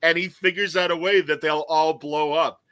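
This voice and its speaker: A man hosting a podcast in casual chat, animated and laughing as he acts out quoted lines and reads comments aloud. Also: on the high side, moderate pace, clear, resonant tone, no room sound. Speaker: podcast host.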